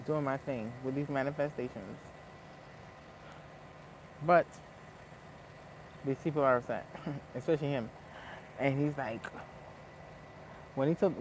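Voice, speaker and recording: A man's voice: on the high side, a little hiss or hum. A man telling a story in a casual, profane rant as a vlogger, breaking into laughs. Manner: animated, profane, laughs between lines.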